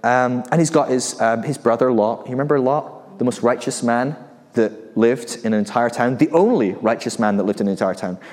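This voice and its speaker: A man of medium pitch and darkish tone gives a relaxed, conversational sermon, peppered with rhetorical questions and light laughter. The recording has a long hall reverb.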